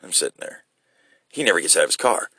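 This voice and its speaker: A man telling a rambling, profane story in a casual, animated way, seated inside a vehicle. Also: low-pitched, fast, slight background noise.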